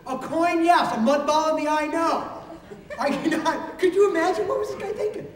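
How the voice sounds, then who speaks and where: A man preaching a sermon, telling a story in an animated way and acting out the voices of its people. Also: very high-pitched, normal speed. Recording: roomy hall recorded from a distance.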